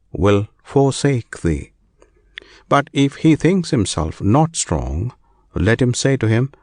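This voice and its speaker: Slow, solemn male scripture reader. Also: fairly low pitch, no room sound, studio quality. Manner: slow, measured, solemn reading. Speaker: narrator.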